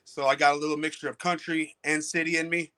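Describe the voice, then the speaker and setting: A man from Detroit, a guest musician, answering interview questions in a relaxed, easygoing way. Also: a little high, fast talker. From Detroit, Michigan, USA.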